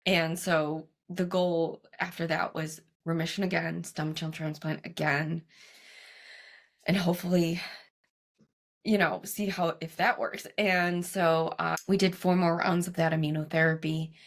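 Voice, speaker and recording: A woman guest in a casual interview, telling her story animatedly and acting out her own past dialogue with lots of quick "like" asides. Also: fairly low pitch, fairly even intonation, vocal fry. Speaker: guest, cancer coach.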